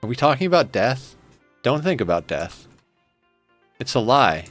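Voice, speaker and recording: A man's voice: mid-range voice, big pitch swings, measured pace, a bit bright, faint music behind. Sarcastic, rambling male game streamer. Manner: rambling, sarcastic, swears freely. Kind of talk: casual live-stream chat while gaming.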